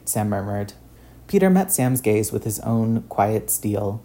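Guy reading a story aloud, even pace, dark mellow voice. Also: on the low side, measured pace. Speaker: narrator. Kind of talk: scripted story narration.

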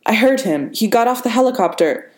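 A woman's voice: on the high side, animated, a little fast, roomy sound, voice pushed up, lightly acted. A woman voicing a panicked, jittery teenage boy who stammers as he talks. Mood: tense. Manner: frantic, stammering.

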